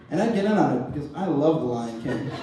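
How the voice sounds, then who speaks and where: A man's voice: medium pitch, animated, normal speed. A young man doing a rambling, self-mocking stand-up comedy set on stage in front of a live audience. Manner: rambling, self-mocking, acts out voices of others. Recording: echoey distant room recording, noisy.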